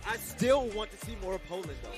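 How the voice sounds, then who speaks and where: Very high-voiced hyped male esports caster. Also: animated, quick pace. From United States. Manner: hyped, enthusiastic announcing. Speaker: esports event host. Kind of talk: live esports desk commentary. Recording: music under the broadcast.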